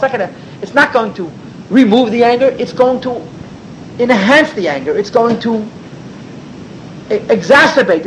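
A man's voice: slight background noise, low-quality recording. A man teaching a Torah class, asking rhetorical questions and swinging his voice up and down for emphasis. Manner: animated, rhetorical questions, sweeping pitch for emphasis.

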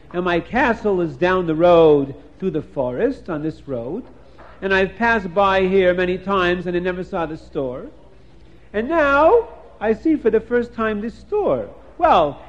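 A rambling, excitable poet who chatters on eagerly, as a man puts him on. His voice sits high for a man. It comes through a dull, lo-fi recording. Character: cheerful talkative poet man, husband.

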